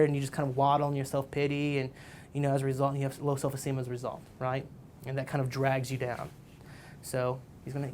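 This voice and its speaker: A man's voice: mid-range voice, a little mellow, slight background noise. Rambling man teaching ad copywriting. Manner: rambling, repeats "right?" and "you know". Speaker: marketing teacher. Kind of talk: casual tutorial lecture.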